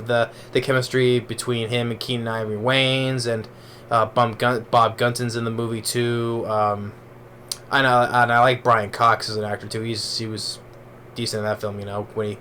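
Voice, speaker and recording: Male movie reviewer, mid-pitched, loose rambling delivery full of restarts, faint background noise. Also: fairly bright tone. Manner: rambling, with many restarts and fillers. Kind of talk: casual spoken movie review.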